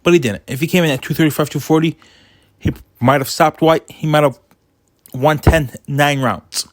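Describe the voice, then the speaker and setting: A man giving his opinionated casual commentary on a boxing result, getting animated as he retells funny moments. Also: fairly high pitch, normal speed, dry recording, studio quality.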